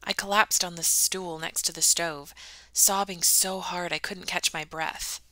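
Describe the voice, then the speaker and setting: A woman's voice: fairly low pitch, steady tone, a little slow, bright, forceful tone, no echo. A woman reading a novel aloud, with casual, self-deprecating asides between chapters. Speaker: audiobook reader.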